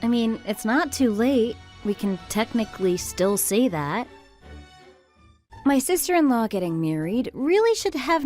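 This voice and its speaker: A woman voicing a level-headed young wife who narrates and argues calmly with her sister-in-law. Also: medium pitch. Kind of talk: texting-story voice acting.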